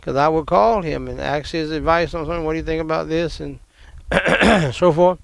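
An older man preaches a sermon, his voice a little high and noticeably gravelly. He talks to the congregation conversationally, doubling back on phrases and dropping in asides as he goes. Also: normal speed, dry recording. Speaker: pastor.

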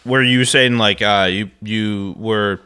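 A man's voice: on the low side, fairly even intonation, unhurried, sharp tone, clear, resonant tone. A man from the Midwest co-hosting a podcast, chatting casually and ranting with heavy profanity and frequent laughter. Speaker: podcast co-host.

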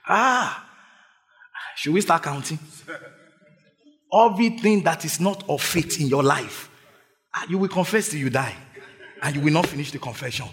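A male pastor delivering a sermon, calling out to the congregation and urging them to shout back. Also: fairly high pitch, animated, normal speed, long pauses. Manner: call-and-response preaching, urging the congregation to shout. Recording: long hall reverb.

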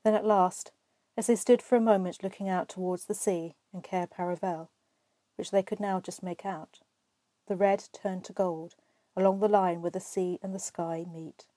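Woman readin a story out loud, expressive and measured, mellow warm voice, dry close mic. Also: on the low side, no room sound. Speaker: reader.

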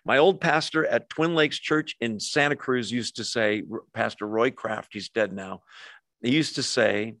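A man's voice: medium pitch, measured pace, a bit bright, no echo. A middle-aged male pastor preaches in a loose, conversational style. He asks questions of his listeners and throws in jokes. The recording is dry and close. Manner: conversational, rhetorical questions, humorous asides. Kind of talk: sermon.

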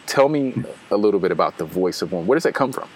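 A man interviewing a guest, asking relaxed questions and giving short affirming replies. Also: deep voice, fast, slight background noise, poor audio. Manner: brief affirming responses.

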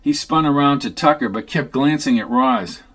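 A man reading a novel aloud as narrator, in a steady, even manner. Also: mid-range voice, moderate pace. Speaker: audiobook narrator. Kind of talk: scripted narration.

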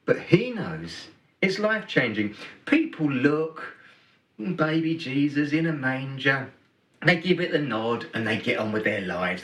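A middle-aged man giving a Christmas sermon as pastor, telling a story and swinging between loud emphasis and hushed words. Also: mid-range voice. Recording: roomy hall, from a distance.

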